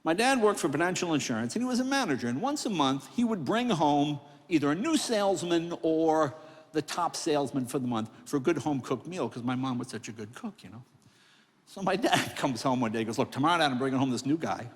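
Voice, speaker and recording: Older stand-up man, sixties, high lively voice, long hall reverb, plays out the characters. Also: fairly quick. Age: 60s. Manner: animated, acts out voices of family and others. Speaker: comedian. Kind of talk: stand-up storytelling speech. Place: large hall on stage.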